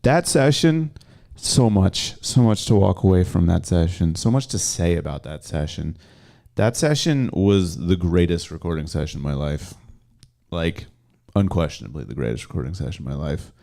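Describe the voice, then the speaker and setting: A man's voice: low voice, lively intonation, moderate pace, vocal fry, warm tone. A young man co-hosting a casual podcast chat, laid-back and rambling, swearing casually as he tells stories. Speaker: podcast co-host.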